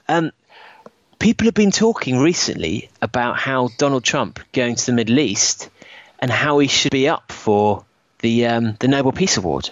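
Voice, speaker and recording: A man's voice: medium pitch, muffled recording. A man, co-hosting a casual podcast with joking, playful banter. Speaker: podcast co-host. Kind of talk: casual chat.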